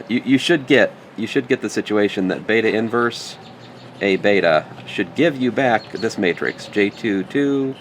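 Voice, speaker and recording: A man with a lowish voice lectures on math for a recording, thinking aloud as he writes. His pitch rises and falls a lot as he moves between steps and throwaway jokes. He often corrects himself under his breath. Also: fairly bright tone, a little hiss or hum. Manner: thinks aloud while writing, joking asides. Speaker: math instructor.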